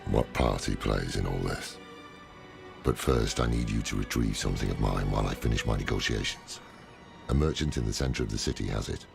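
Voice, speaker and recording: An actor voicing a gruff, grizzled old male warrior in a video game, with a very deep, gravelly voice and a curt, world-weary manner. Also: heavily acted. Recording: game audio under music.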